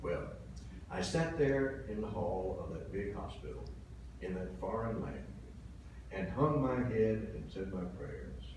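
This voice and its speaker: A man in his seventies, a pastor delivering a sermon, telling stories earnestly and swinging between soft and loud. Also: sits low, very animated, unhurried, far from the mic. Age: 70s. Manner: earnest storytelling, swelling and dropping in volume. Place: church sanctuary. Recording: very echoey hall from afar, faint hiss.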